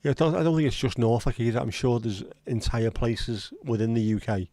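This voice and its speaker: A man's voice: mid-range voice, fairly even intonation, a little fast, warm tone, dry recording. A man hosting a casual livestream chat, rambling and reading out viewer comments. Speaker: livestream host.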